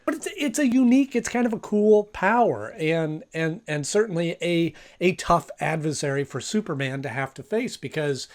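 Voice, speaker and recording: Casual male reviewer, slightly high, rambling with plenty of fillers and restarts. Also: expressive, normal speed, few pauses. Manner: rambling, hesitant, lots of fillers. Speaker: episode reviewer.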